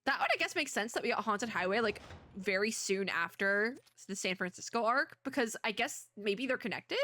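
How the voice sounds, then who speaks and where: Sounding a bit hoarse from illness, this let's-play VTuber narrates a story game's text and rambles through asides, laughing a lot. Her medium-pitched voice is animated and sharp, at a normal speed, with no room sound.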